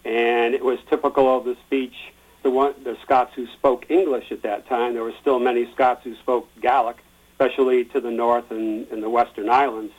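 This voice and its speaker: A man explaining a tradition in a plain-spoken, relaxed way, with the odd filler. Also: mid-range voice, moderate pace, dull audio. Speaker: guest explaining a Burns supper. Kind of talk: explanatory chat.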